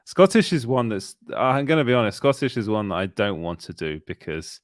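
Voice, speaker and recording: A man's voice: on the low side, sing-song, fairly quick, dry recording, studio quality. A man in his thirties co-hosting a casual show, jokey and rambling, often laughing. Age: 30s. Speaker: podcast co-host. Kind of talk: casual chat.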